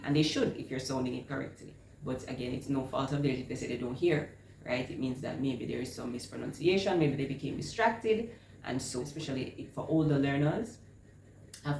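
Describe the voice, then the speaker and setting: A woman with a deep voice walks listeners through short vowel sounds and sounds out each word with deliberate emphasis. Her lesson is recorded in an echoey room with faint background ambience. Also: gravelly, mellow, slight background noise. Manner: slow, overemphasized sounding out of vowel words. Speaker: reading teacher. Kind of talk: instructional talk on phonics.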